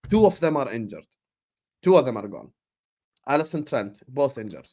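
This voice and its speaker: A man's voice: medium pitch, sing-song, normal speed, mellow. A man hosting a casual football chat, teasing his co-host, laughing often and swearing casually. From Jordan. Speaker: podcast host.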